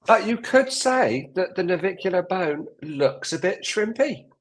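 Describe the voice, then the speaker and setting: A woman joins a casual live-stream chat with a low voice. Her tone is husky, and she drops in short, dry remarks. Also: lively intonation, unhurried.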